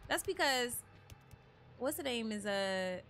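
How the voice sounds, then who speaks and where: Soft music plays behind a woman streamer hosting a multiplayer horror game session, who thanks viewers and jokes with friends in relaxed, slangy gaming chat. Her voice is on the high side, expressive and fairly bright, and she takes her time.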